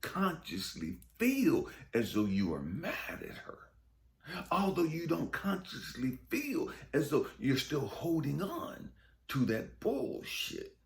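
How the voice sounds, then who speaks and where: A man giving an emotional, profane monologue about forgiveness as a spiritual vlogger, swinging from loud outbursts to hushed whispers. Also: on the high side, huge pitch swings, slow, gravelly.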